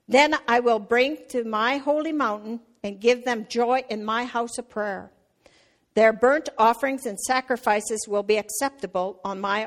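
A middle-aged woman giving a conversational sermon, with fillers and restarts, who gets loud and animated telling a family story. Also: a little high. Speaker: church speaker.

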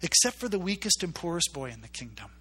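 A man delivers a sermon as a story with a bright, forward tone and a voice pitched a little above the usual. He jumps into the characters' voices and drives points home through repetition. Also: sing-song, quick pace, slightly rough. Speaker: preacher.

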